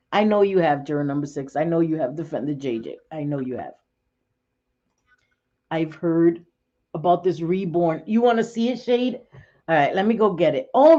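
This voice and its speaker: A woman's voice: low-pitched, a little slow, pauses often, dark tone. Chatty woman on a lo-fi livestream. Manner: chatty, laughs often, talks to viewers by name. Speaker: livestream host. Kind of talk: casual livestream chat. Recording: dull lo-fi stream audio.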